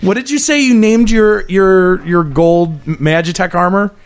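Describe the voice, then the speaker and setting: A man's voice: high-pitched, unhurried. A man hosting a podcast in casual chat, teasing his co-hosts and laughing often. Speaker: podcast host.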